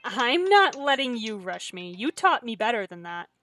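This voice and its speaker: A woman's voice: on the high side, very animated, moderate pace, fairly bright tone, soft background music. A young woman streaming a story game, reading it aloud and chatting in a self-deprecating way. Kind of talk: reading a visual novel aloud while streaming.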